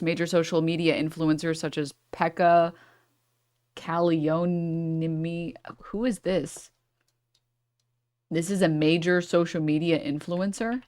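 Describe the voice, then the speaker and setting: A woman streamer reading a news article aloud and breaking off with sarcastic asides and apologies for her misreadings. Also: fairly low pitch.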